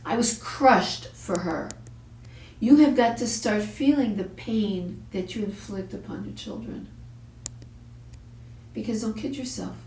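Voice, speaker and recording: A woman's voice: medium pitch, takes it slowly, pauses often, a little mellow, slight background noise. A woman hosting a parenting talk, telling a story bluntly and with profanity, acting out the voices she quotes. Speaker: parenting show host. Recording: echoey room, far from the mic.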